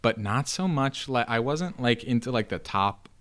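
A man's voice: mid-range voice, animated, moderate pace, a bit bright. A man guesting on a comedy podcast, telling stories in a rambling way full of fillers. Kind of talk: casual comedy chat.

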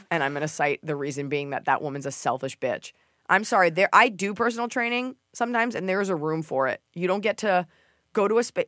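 A woman hosting a podcast, telling stories in a casual comedic chat, swearing and mimicking people in a shrill voice. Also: no room sound, clean studio sound. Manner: animated storytelling, swears freely, mimics others in a shrill voice. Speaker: podcast host.

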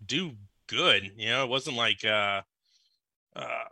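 A man, chatting casually as a podcast co-host and telling rambling, animated stories. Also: medium pitch, slow, no room sound. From Louisiana. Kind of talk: casual sports chat.

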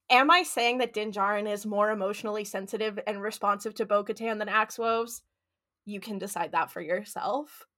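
Bright-voiced woman on a podcast, animated, laughs a lot, acts stuff out. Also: mid-range voice, normal speed. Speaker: podcast co-host. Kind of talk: casual podcast chat.

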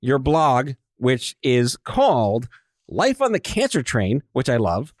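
A man's voice: medium pitch, wildly swooping pitch, dry recording, clean studio sound. Joking, teasing man podcast host. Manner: joking, teasing, quick asides. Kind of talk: casual interview chat.

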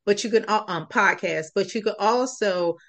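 A woman's voice: mid-range voice, normal speed, a bit bright. A woman guest on a podcast, telling a personal story in an earnest, reflective way.

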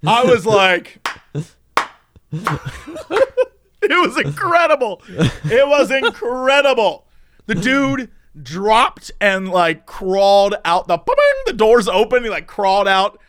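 A man telling a story in casual chat. He is animated, laughs often and acts out the voices. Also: high voice, slow pace, pauses often. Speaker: podcast storyteller.

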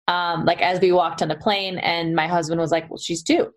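A woman's voice: lowish voice, level tone, normal speed. A woman, a mother being interviewed, recounting events casually and quoting others with "like".

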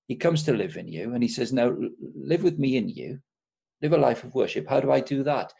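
A man's voice: medium pitch, gravelly, dark tone, breathy edge. A man explaining a Bible passage in an earnest, teacherly and enthusiastic way during a podcast conversation. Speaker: guest, Christian sports speaker.

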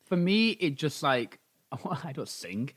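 A man's voice: fairly high pitch, big pitch swings, fairly bright tone. A man co-hosting a podcast, teasing and camp in casual chat. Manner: teasing, camp and quick-witted. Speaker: podcast co-host.

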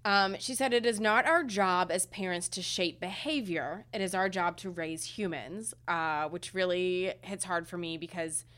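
A woman in her thirties co-hosting a parenting podcast, talking in a halting, emotional way with many fillers, close to tears. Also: on the low side, fairly bright tone. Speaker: podcast co-host. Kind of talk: casual podcast chat.

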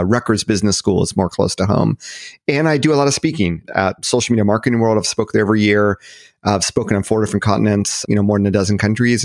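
A man's voice: lowish voice, no room sound, clean studio sound. A man as a podcast guest, upbeat and explaining at length in a casual interview. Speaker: podcast guest, marketing educator.

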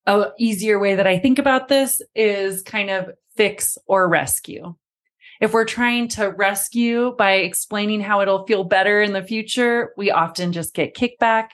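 A woman's voice: mid-range voice, a little slow. A woman hosting a parenting podcast who speaks directly to her listener and calls them friend. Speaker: podcast host and parenting coach. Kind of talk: scripted podcast talk.

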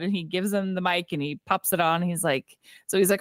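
A woman co-hosting a casual movie podcast, retelling scenes and acting out the lines in quick voices. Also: fairly low pitch, no echo, studio quality. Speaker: podcast co-host. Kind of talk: casual movie recap chat.

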